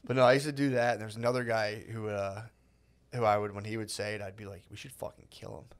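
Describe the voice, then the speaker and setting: A man's voice: on the low side, flat delivery, quick pace. A man in his thirties co-hosting a casual podcast, talking loosely, laughing and acting out quotes. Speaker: podcast co-host. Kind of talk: casual chat.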